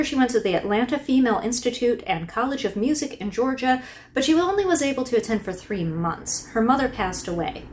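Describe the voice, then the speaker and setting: A woman's voice: mid-range voice, slight background noise. A woman hosting a casual book review, chatty and wry, with laughing asides.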